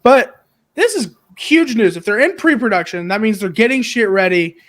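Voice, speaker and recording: Excitable guy cohost, swears a lot, voice all over the place. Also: high voice, moderate pace. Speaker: podcast co-host. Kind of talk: casual podcast chat.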